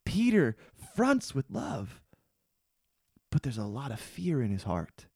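A man's voice: huge pitch swings, takes it slowly, creaky, darkish tone, husky, no echo, clean studio sound. A man preaching a sermon, earnest and building to emphatic peaks, dropping his voice to read scripture. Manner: reads scripture aloud in a lowered voice. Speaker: pastor.

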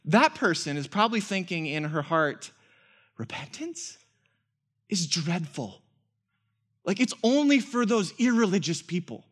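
A male pastor with a high, light voice delivering an animated sermon. He leans on rhetorical questions and reads scripture lines aloud as if speaking them himself. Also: moderate pace, few pauses.

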